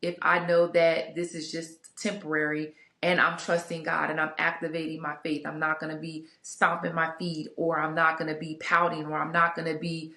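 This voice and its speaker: A candid, chatty woman speaks to her viewers in a casual vlog, her voice sitting a little low. She rambles warmly through asides and fillers. The sound carries a noticeable room echo. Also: completely flat delivery, normal speed, few pauses. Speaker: vlogger sharing a couples Bible study. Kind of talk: casual reflective talk to camera. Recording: echoey room.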